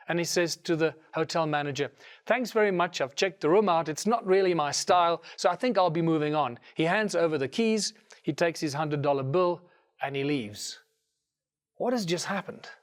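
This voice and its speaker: A middle-aged South African man with a fairly high voice tells a story with animation. He gives each character a quick voice of its own and keeps his talk conversational. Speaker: speaker.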